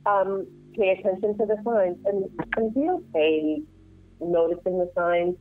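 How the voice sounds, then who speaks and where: A woman working as a nurse and assisted living administrator, giving earnest caregiving advice as a guest and telling stories in a lively way. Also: medium pitch, a little slow, a little hiss or hum. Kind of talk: casual advice chat. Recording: tinny dry phone line.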